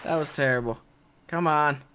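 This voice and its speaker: A young man doing excitable let's play commentary, yelping, shouting and swearing at game mishaps. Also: fairly high pitch, normal speed, heavy background noise. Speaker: gaming video host.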